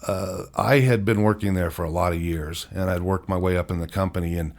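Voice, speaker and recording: A man in his fifties with a very low voice tells his story to a podcast host. He is candid and rambles a little, and he often laughs at himself as he talks. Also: steady tone, a little fast, darkish tone. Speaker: podcast guest. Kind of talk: personal storytelling interview.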